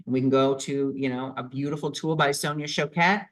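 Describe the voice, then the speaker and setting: A man vlogging a reflective self-help talk, earnest and repetitive as he works through his feelings out loud. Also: mid-range voice, fairly even intonation, fairly quick, poor audio.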